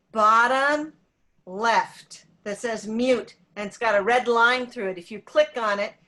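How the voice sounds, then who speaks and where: High-voiced woman patiently helping on a call. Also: fairly bright tone. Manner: helpful, patiently giving step-by-step instructions. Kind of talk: casual video-call singalong. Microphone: video call.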